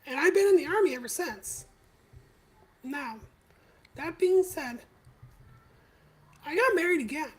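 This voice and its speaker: High-voiced woman telling her story. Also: lively intonation, poor audio. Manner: candid, confessional, halting. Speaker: podcast host. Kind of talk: personal storytelling on a live stream.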